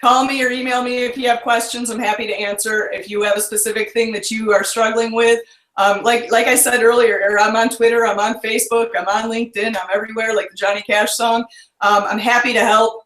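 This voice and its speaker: A woman's voice: fairly high pitch, level tone, fairly quick, a bit bright. Chatty upbeat lady on a video call, kinda echoey room. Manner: bubbly, chatty, laughs easily. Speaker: guest business owner. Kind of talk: casual interview chat. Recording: roomy echo.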